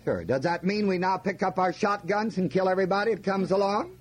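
A man's voice: high voice, brisk, slight background noise. A man preaching a folksy Bible-teaching sermon, often asking his listeners questions and leaning hard on key words. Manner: folksy, asks the audience questions, stresses words.

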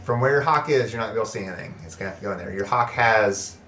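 A man's voice: lowish voice, pushed and bright, a little hiss or hum. Game master man in an echoey room. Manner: loose, halting narration with fillers and restarts. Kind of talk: narrating a tabletop game.

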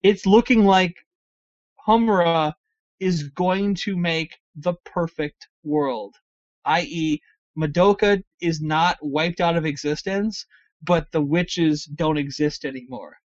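Excitable stammering podcast host, dry dull sound. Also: mid-range voice, slow, no echo. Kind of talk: casual chat.

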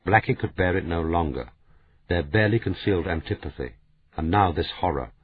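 A man reading a crime novel aloud as an audiobook narrator, in a steady, measured way. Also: low voice, a little hiss or hum. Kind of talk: scripted narration. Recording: tinny phone-like sound.

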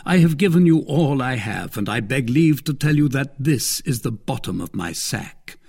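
A man's voice: mid-range voice, lively intonation, moderate pace, gravelly, darkish tone, husky. A man voicing a dry-witted, weary male musketeer in a storybook reading, speaking wryly and with command.

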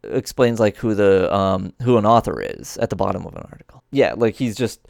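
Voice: sits low, lively intonation, a little fast, creaky, a little mellow, no echo, clean studio sound. A podcast co-host in casual chat about a TV episode, easygoing and hesitant with many fillers.

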